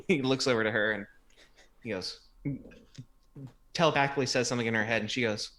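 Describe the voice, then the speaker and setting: A man's voice: mid-range voice, expressive, brisk, a bit bright. A man narrating as game master of a tabletop game in a loose, casual way.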